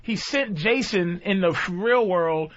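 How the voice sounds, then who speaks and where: A man guesting on a radio show, retelling film plots with an animated, profane comic flair and acting out characters. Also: high-pitched, measured pace, lo-fi sound. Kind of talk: comic storytelling.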